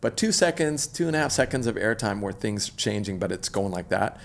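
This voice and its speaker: A middle-aged man, an extreme athlete guest, telling a story in an animated, slangy, laid-back way. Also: on the low side, a little fast, gravelly. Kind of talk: casual storytelling interview.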